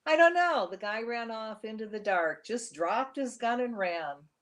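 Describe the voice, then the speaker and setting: A woman's voice: a little high, expressive, unhurried. Brusque tough cop, wounded, storybook read by a woman. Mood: gruff. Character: wounded tough male police officer.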